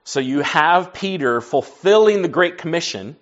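A man's voice: fairly high pitch, expressive, moderate pace, dull audio. A man preaching to a class in a conversational teaching style, folksy, asking the group questions and answering them himself. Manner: folksy, says y'all and like.

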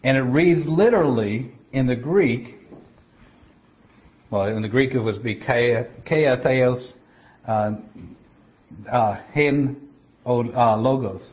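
A man preaching a Bible teaching, explaining scripture step by step in a deliberate way, often stopping to restart a word. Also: medium pitch, a little mellow. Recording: dull lo-fi recording.

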